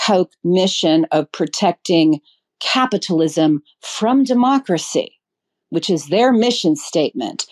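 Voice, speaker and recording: A woman with a low voice gives a political interview. She talks in an earnest, passionate way, pausing on ums and restarting her sentences as she works out her thoughts. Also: a little mellow. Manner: thinks aloud with ums and restarts. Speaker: guest.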